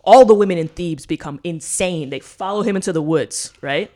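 A woman with a dark, lowish voice co-hosts a podcast at a moderate pace. She retells a story in casual, profane chat, tacking on "right?" after almost every point.

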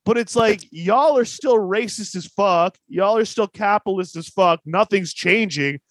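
A man's voice: high-pitched, unhurried, dry recording. A man who is a guest on a podcast, ranting bluntly in casual chat.

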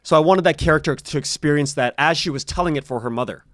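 Male guest, slightly high pitch, rambling storyteller, dry room, restarts a lot. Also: fast talker, fairly bright tone, dry recording. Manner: rambling, many restarts, laughs often. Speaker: podcast creator, interview guest. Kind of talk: casual conversational interview.

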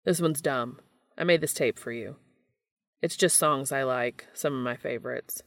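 Gruff, awkward adult male hunter, deep and quiet, halting delivery; woman voices him. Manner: low, hushed and hesitant.

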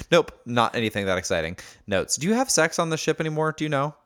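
A man's voice: a little high, very animated, brisk, a bit bright. A man co-hosting a casual podcast, reading out journal entries and teasing his friend with dry jokes. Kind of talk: casual chat.

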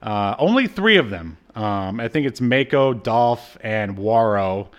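A man's voice: lowish voice, lively intonation, a little slow, lo-fi sound. A man co-hosting a podcast, casually recapping a cartoon episode with jokes and lots of fillers. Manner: laid-back, joking, many fillers. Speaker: podcast co-host.

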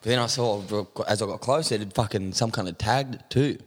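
A man's voice: on the low side, quick pace. An Australian man hosting a casual podcast, telling crude stories with laughter and lots of swearing. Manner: crude, laughing, animated storytelling. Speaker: podcast host. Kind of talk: casual storytelling chat.

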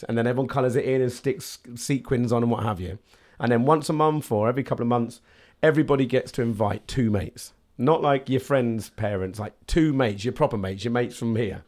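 A man in his late thirties, talking as a podcast guest at an ordinary pitch. He tells his stories with energy and slips into little acted-out voices along the way. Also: brisk, few pauses. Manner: animated storyteller who acts out little voices. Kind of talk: casual podcast conversation.

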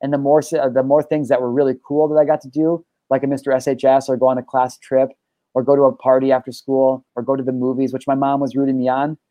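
Fast-talking, intense, profane male host. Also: medium pitch, level tone, no echo, muffled recording. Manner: intense, swears freely, preachy. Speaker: podcast host and life coach. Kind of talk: passionate, profane monologue.

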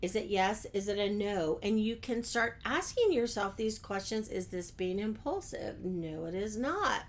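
A woman's voice: mid-range voice, expressive, a little slow, slight background noise. A woman hosting her own business podcast, talking conversationally and asking her listeners questions. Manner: friendly, conversational, rhetorical questions. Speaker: podcast host. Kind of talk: solo business podcast talk.

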